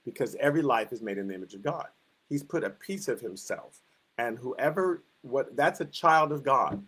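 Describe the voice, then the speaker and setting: A man's voice: fairly high pitch, a bit bright. A man teaching a Sunday school Bible lesson in a conversational way, acting out the quotes he tells with rising emphasis.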